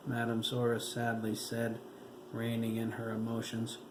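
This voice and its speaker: A man reading his own novel aloud as an audiobook, in a slow, measured delivery, recorded in a roomy space. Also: medium pitch, completely flat delivery. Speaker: author narrating own novel. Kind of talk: audiobook narration. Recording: echoey room with faint noise.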